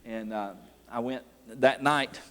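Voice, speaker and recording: Folksy preacher in a reverberant church. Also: male voice, medium pitch, steady tone, slow pace. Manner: folksy storytelling, laughs often, builds to loud preaching. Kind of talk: revival sermon. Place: church sanctuary. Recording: long church hall reverb.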